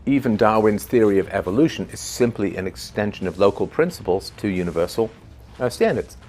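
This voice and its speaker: A man's voice: lowish voice, animated, brisk, darkish tone, faint music behind. A man talking in a loose, conversational way, full of fillers and rhetorical "right?" tags, now and then chuckling at his own examples. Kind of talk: unscripted spoken commentary.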